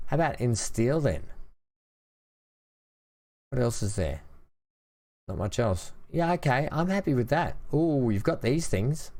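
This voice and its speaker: A man's voice: medium pitch, big pitch swings, measured pace, long pauses, darkish tone. A young man casually commenting on his own gameplay, thinking aloud and chatting to the game as he builds. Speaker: gaming channel host. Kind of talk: casual let's-play commentary.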